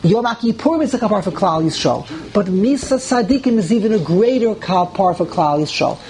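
A man teaching a Torah lesson to a live class. He asks rhetorical questions, restarts phrases while thinking aloud and climbs higher in pitch when he stresses a point. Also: animated, fairly quick, darkish tone, poor audio.

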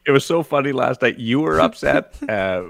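A man's voice: mid-range voice, expressive, moderate pace, gravelly, fairly bright tone, dry recording. Joking man hosting sports radio. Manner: joking, laughing, easygoing. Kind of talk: casual sports radio banter.

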